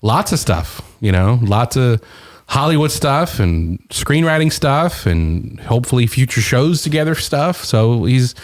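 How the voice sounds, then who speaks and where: A middle-aged man chatting as a podcast guest, his voice swinging up and down as he tells rambling anecdotes. He talks at a medium pitch and trips over his words on the way into each story. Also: measured pace. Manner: animated storyteller, rambling with restarts. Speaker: comedian guest. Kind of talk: casual podcast chat.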